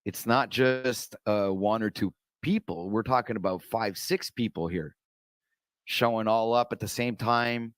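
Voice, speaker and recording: A man's voice: on the low side, a little slow, clear, resonant tone, dry recording. A man guesting on a livestream panel in casual chat, talking in a rambling way, repeating words and restarting with "uh" and "it's like". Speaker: panel guest, fellow streamer.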